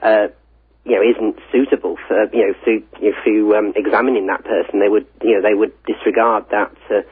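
Brief: low, husky male caller, hesitant, full of fillers, heard over a tinny phone line. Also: steady tone, fairly quick. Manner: hesitant, many fillers and restarts.

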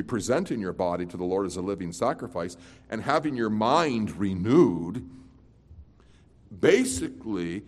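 A man preaching an evening sermon as a pastor. He swings between loud, emphatic declarations and quiet, low-voiced asides. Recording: long reverb of a large hall.

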